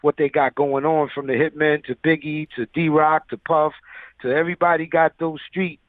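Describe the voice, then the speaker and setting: A man's voice: fairly high pitch, little pitch movement, moderate pace, no echo. A man who is a music producer, telling stories loosely in a casual interview, full of fillers. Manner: loose, filler-heavy storyteller. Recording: tinny phone-like line.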